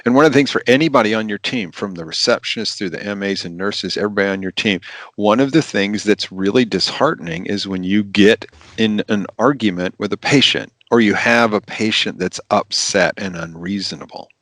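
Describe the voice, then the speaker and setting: A man, a physician, giving practical advice in an animated, emphatic podcast interview, repeating his key phrases. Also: lowish voice, a little fast, no echo.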